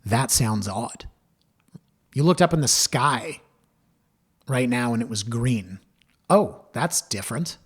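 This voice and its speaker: Brief: middle-aged man, podcast host, husky, candid and chatty. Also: mid-range voice, lively intonation, slow, long pauses. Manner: chatty and candid, acts out quoted voices, addresses listeners as guys. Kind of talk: casual solo podcast talk.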